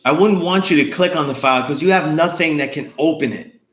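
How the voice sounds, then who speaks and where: A man's voice: on the high side, fairly quick, fairly bright tone, reverberant. A man instructing an online course, lecturing in a loose conversational way and often checking in with his students. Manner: conversational, loose, often asks "you know what I mean?".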